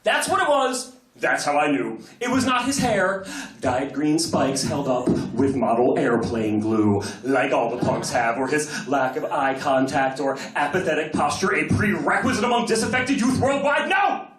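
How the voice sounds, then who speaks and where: A man's voice: fairly high pitch, lively intonation, normal speed, fairly bright tone, a little hiss or hum. An American man performing a spoken-word slam poem with dramatic, swooping delivery and comic cussing. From United States. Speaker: slam poet. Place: large hall on stage. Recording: roomy hall from a distance.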